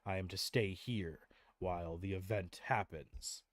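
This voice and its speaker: A man voicing a huge, gruff male guardian who speaks slowly and formally in a tabletop game. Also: sits low, fairly even intonation, no echo, studio quality, voice pushed down. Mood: grave. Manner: slow, measured, formal.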